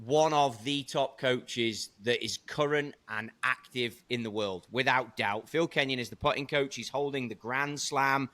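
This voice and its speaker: A man hosting a golf podcast, chatting in a playful, animated, slangy way. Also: mid-range voice. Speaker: podcast host. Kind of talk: casual podcast banter.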